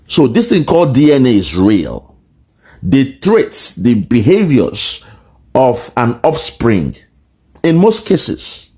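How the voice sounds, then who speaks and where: A man's voice: mid-range voice, dark tone. A man with a Nigerian accent giving an impassioned political monologue, rhetorical and repetitive. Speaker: political commentator.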